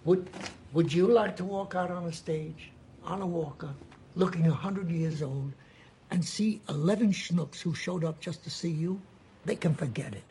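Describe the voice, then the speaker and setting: An actor playing a grumpy old writer. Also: male voice, fairly high pitch, moderate pace, dark tone, a little hiss or hum, lightly acted. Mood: grumbling. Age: older. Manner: gruff, dismissive. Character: grumpy elderly male Hollywood writer.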